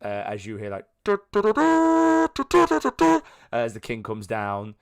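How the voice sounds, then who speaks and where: A man's voice: fairly low pitch, normal speed. Chatty man running a tabletop game. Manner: chatty, rambling, excitable. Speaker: game master.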